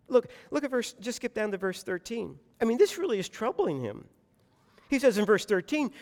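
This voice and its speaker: A man with a notably high voice delivers an impassioned sermon, stepping into the voice of anguished prayers and circling back on his own phrases. His words ring out with a long reverb across a large church sanctuary. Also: very animated, normal speed, darkish tone. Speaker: pastor.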